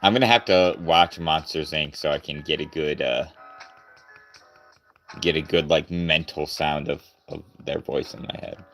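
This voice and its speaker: A man's voice: rumbling low, measured pace, a bit bright, soft background music. A man chatting casually on a live stream, goofy and rambling, laughing often and trying out character voices.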